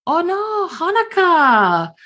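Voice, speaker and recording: A woman's voice: very high-pitched, sing-song, slow pace, bright, forceful tone, pitched above the performer's own voice, exaggerated voice. A woman voicing a cheerful, oblivious young monster girl who talks in clipped, broken sentences. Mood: comforting.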